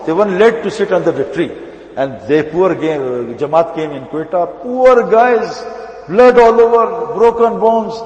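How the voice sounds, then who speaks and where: A man preaching a sermon in a mosque, telling stories with emphatic, repetitive phrasing. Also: high voice. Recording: echoey mosque hall.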